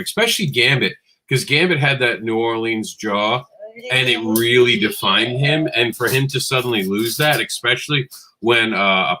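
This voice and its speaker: A man's voice: mid-range voice, bright, forceful tone, poor audio. A man in casual conversation, an enthusiastic comics fan who argues playfully. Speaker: podcast co-host. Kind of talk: casual discussion.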